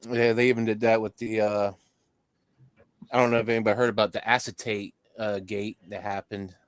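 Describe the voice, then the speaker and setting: A man's voice: on the low side, little pitch movement, a little fast, smooth, no echo. Blunt man, dry close sound. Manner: blunt, indignant retelling. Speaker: livestream guest. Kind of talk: casual chat.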